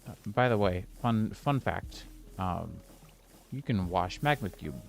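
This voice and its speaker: A man's voice: low-pitched, animated, takes it slowly, gravelly, soft background music. A man streaming a building game, rambling casually and now and then snapping in exasperation at the game. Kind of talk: casual gameplay commentary.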